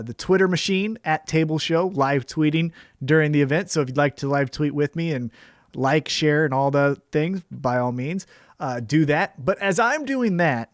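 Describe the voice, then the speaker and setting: A man's voice: on the high side, dry recording, studio quality. A man hosting a wrestling podcast, upbeat and casual, walking through each segment of the show and sharing his take on it. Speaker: podcast host.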